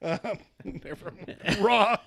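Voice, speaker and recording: A man co-hosting a podcast who jokes around and laughs often. His pitch moves up and down a lot, and he trails off into rambling restarts. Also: big pitch swings, a little slow, fairly bright tone, slight background noise. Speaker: podcast co-host. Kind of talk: casual chat.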